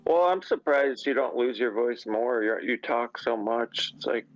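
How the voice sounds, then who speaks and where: A man's voice: mid-range voice, measured pace, dry recording. A man co-hosting a podcast, chatting casually in a laid-back, agreeable way. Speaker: podcast co-host. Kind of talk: casual chat. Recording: dull, muffled sound.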